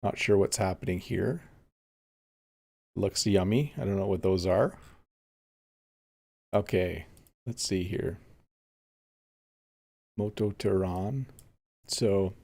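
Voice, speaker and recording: A man's voice: lowish voice, darkish tone. A man teaching English on a casual live stream, chatting easily and reading viewer comments aloud while he plays a game. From Canada.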